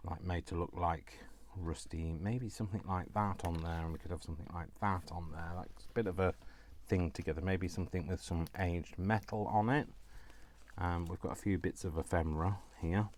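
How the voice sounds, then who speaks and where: Male crafting vlogger, low-pitched, rambling self-talk while sorting supplies, faint background hiss. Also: fairly even intonation, moderate pace, darkish tone. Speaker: crafting channel host. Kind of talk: casual crafting vlog chat.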